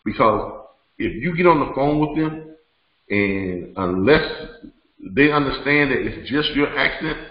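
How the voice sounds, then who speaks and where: A man's voice: mid-range voice, animated, measured pace. A middle-aged man, hosting a live webinar Q&A in a conversational way, repeating words and laughing often. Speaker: host. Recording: roomy, dull lo-fi sound.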